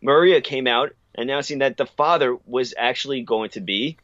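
A man's voice: medium pitch, moderate pace, fairly bright tone, dry recording, muffled recording. A man co-hosting a podcast, giving long opinionated takes on wrestling in a casual, rambling way. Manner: opinionated, rambling, restarts often. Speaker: podcast co-host.

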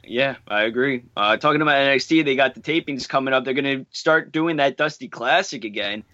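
A man co-hosts a podcast, trading short agreeable replies and reading news items out plainly. His voice is bright and tense. The recording is dry and dull, with a lo-fi edge. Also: medium pitch, a little fast, no room sound. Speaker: podcast co-host. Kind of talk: casual wrestling chat.

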